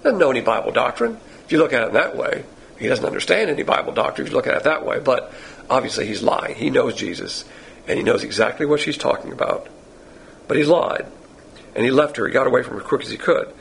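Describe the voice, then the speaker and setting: A man's voice: mid-range voice, animated, fast talker, creaky, fairly bright tone, a little hiss or hum, poor audio. A man teaching verse by verse through a Bible passage to a class, in a folksy, digressive and conversational way. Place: Bible class with listeners present.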